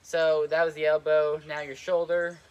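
A man's voice: on the high side, level tone, moderate pace, a little mellow, smooth, dull audio. A young man giving casual trampoline tips, rambling with lots of fillers and a little out of breath. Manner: rambling, lots of "like" and "kinda", repeats himself. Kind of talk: casual instructional vlog. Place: outdoors on a trampoline.

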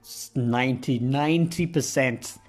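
A man's voice: mid-range voice, measured pace, faint music behind. A young man giving rambling, sarcastic commentary while playing a game, often trailing off and restarting his sentences. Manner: wandering, sarcastic, self-interrupting. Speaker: gaming YouTuber. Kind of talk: rambling commentary over gameplay.

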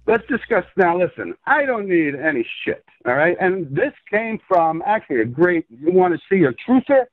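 High-voiced man ranting down a phone line. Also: big pitch swings, normal speed, no room sound. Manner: profane, rambling rant. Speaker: guest. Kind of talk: phone-in interview.

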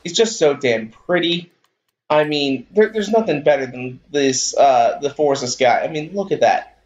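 Rambling game streamer, raised voice. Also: male voice, on the high side, a little slow, darkish tone, reverberant. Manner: rambling, easygoing, repeats himself. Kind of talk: live game stream commentary. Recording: dull lo-fi stream audio.

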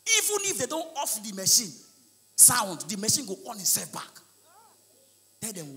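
A Nigerian man with a Nigerian accent doing live stand-up comedy, shouting his punchlines and slipping into Pidgin. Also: high-pitched, huge pitch swings, moderate pace, long pauses, in a large hall. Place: large live comedy venue with audience.

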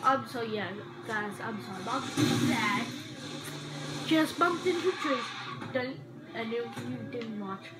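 A woman's voice: on the high side, a little slow. A woman hosting a casual let's-play, rambling and frustrated, stopping and restarting her thoughts as she talks over the game. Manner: frustrated, rambling, self-interrupting. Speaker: gaming channel host. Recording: roomy echo with loud game music.

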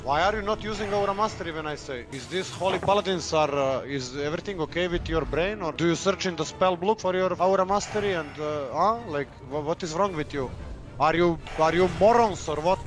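A man's voice: on the high side, brisk. A man leading a game raid over voice chat, giving calls and impatiently scolding teammates. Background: game music.

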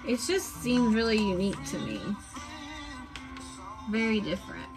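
A woman chatting casually on a live stream, showing off her craft supplies in a drawn-out, enthusiastic way. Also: fairly high pitch, big pitch swings, music in the background, low-quality recording.

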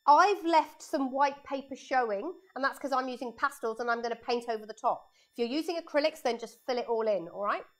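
High-voiced woman teaching a painting class. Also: fairly quick, hardly any pauses, a bit bright. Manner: chatty, explains step by step while drawing. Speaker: art teacher. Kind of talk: live painting lesson for children and parents. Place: her art studio, indoors. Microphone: lapel mic.

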